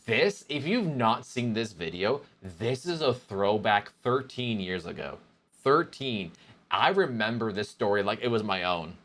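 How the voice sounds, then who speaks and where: A man streaming live, chatting casually with his viewers in a rambling, animated way. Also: on the low side, a little slow. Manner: rambling, animated, talks to chat as "boys".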